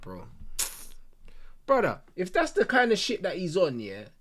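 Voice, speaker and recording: A man's voice: high-pitched, huge pitch swings, a little slow, fairly bright tone. A young man hosting a football watch-along, ranting in casual slang and swearing freely. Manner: heated, slang-heavy, swearing, addresses viewers and mates.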